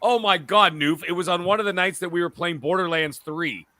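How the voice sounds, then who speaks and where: A man co-hosting a casual gaming podcast, telling stories in an animated, profane way. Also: high voice, a little fast, no room sound. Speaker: podcast co-host.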